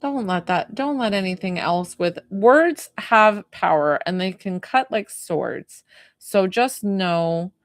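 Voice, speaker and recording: A woman spiritual healer talking softly and soothingly on a live stream, gushing thanks to viewers and saying "like" a lot. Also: medium pitch, lively intonation, slow pace, no room sound. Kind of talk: live-stream healing session.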